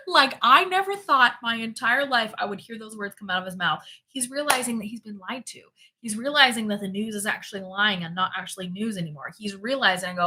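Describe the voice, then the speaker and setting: A woman's voice: mid-range voice, animated, fairly quick, few pauses, bright, forceful tone. A woman hosting a spirituality livestream, chatting casually and reading out viewer comments, emphatic and prone to repeating herself.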